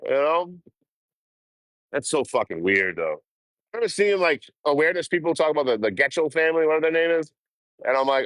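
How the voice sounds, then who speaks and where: A man's voice: medium pitch, very animated, brisk, fairly bright tone, no room sound. A young man hosting a casual livestream, swearing and laughing as he chats with viewers while traveling. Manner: profane, laughing, chatty. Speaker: livestream host. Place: outdoors while traveling by train.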